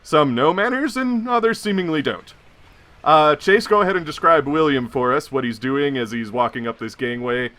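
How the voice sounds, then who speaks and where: A man's voice: on the high side, normal speed, pushed and bright. A man narrating a tabletop horror game as game master, telling the scene like a story. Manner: storytelling, with chuckles.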